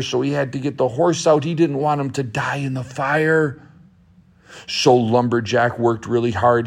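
A man telling a children's story aloud, in a slow, gentle, repetitive way. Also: mid-range voice. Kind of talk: storytelling narration.

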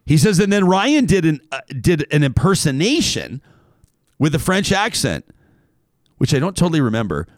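A man's voice: fairly high pitch, sing-song, normal speed, long pauses, no room sound, clean studio sound. A man hosting a casual talk show, reading out a listener email and wandering off on tangents.

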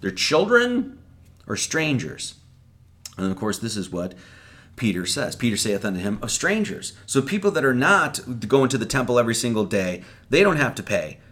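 Animated man giving a casual sermon. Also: medium pitch, a little fast. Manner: conversational, acts out quoted lines, swears casually. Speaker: preacher. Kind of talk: casual Bible-study sermon.

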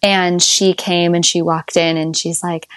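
Animated woman telling her birth story. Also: a little slow, no room sound, studio quality. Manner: animated, laughs often, jumps up high when quoting herself. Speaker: podcast guest sharing her birth story. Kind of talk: casual conversational storytelling.

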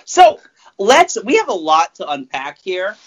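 A man's voice: high voice, wildly swooping pitch, measured pace. A man hosting a podcast in loose, jokey casual chat, rambling with many fillers. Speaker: podcast host. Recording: muffled lo-fi sound.

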